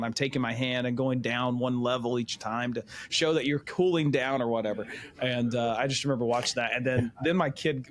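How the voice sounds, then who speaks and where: A man's voice: mid-range voice, a little hiss or hum. A man co-hosting a casual faith podcast, telling playful, self-mocking stories. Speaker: podcast co-host.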